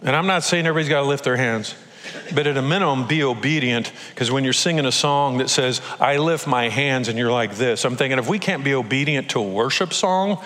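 A man's voice: mid-range voice, fairly quick, a bit bright. An older man, a pastor, preaching a conversational sermon and acting out little quotes, sometimes emotional. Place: church auditorium. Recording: long hall reverb.

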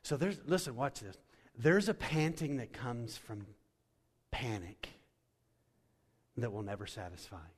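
Pastor, male, mid-pitched voice, preaching with big swings from loud to soft, church hall reverb. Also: unhurried, slightly rough. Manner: preaching with wide swings from loud and soaring to hushed. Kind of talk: sermon.

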